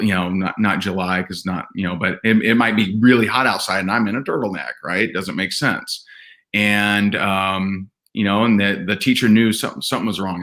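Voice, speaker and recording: A man telling personal stories as a podcast guest, earnest and animated, often restarting his sentences. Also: sits low. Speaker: podcast guest, event speaker. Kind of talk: candid conversational storytelling.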